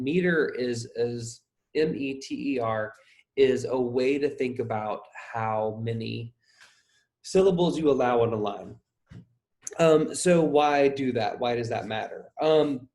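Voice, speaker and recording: A man, possibly a young adult, teaches a poetry lesson in a relaxed, unscripted way, talking through ideas as he goes. He circles back, restarts sentences and fills pauses, at an ordinary middle pitch. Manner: loose, thinking aloud, many fillers and restarts. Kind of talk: recorded poetry lecture.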